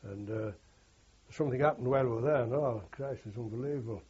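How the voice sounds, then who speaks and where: A man's voice: mid-range voice, quick pace, dark tone, breathy edge. An older man, a war veteran telling rambling oral history anecdotes and quoting others with "he says". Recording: dull lo-fi recording.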